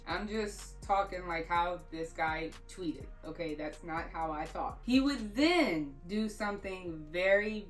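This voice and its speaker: A woman's voice: medium pitch, distant mic. A woman narrating a true crime story in a casual, chatty way, dropping offhand asides as she goes.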